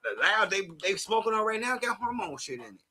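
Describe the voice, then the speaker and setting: A man co-hosting a casual group debate, joking crudely in a slow drawl. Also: sits high, big pitch swings, bright, forceful tone. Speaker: podcast co-host. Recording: crowd noise behind.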